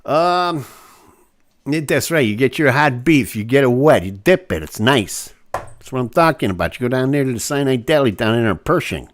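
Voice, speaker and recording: A man's voice: mid-range voice, expressive, moderate pace. A man hosting a live online show, chatting casually with viewers and going off on joking, rambling rants.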